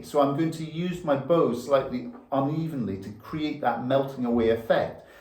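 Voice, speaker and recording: A man's voice: mid-range voice, lively intonation, normal speed, hardly any pauses, a little mellow, faint music behind. A man teaching violin, patiently explaining bow technique step by step while demonstrating. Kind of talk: instructional lesson. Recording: echoey room with violin.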